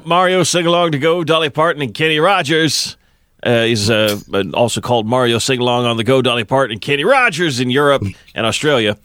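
A man on a comedy podcast giving an earnest, deadpan mock presentation of a video game in casual chat. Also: mid-range voice, brisk, clean tone, no room sound.

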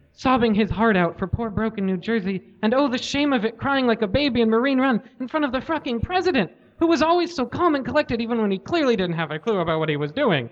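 Casting: male comedy host, deadpan live reader, high voice, lo-fi audio. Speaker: comedy podcast host reading aloud. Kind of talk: live reading of fan fiction. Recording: lo-fi live recording.

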